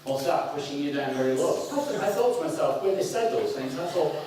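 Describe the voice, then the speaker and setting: Animated Lancashire preacher in echoey hall. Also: male voice, a little high, a little fast, crowd noise. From north of England. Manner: animated, with sudden whoops and acted-out quotes. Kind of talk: sermon. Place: church hall. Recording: echoey hall, mic at a distance.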